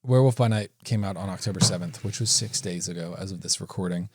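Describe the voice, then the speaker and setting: A man's voice: low voice, quick pace, noisy background. A man co-hosting a movie podcast in casual chat, chatty and self-deprecating. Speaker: podcast co-host.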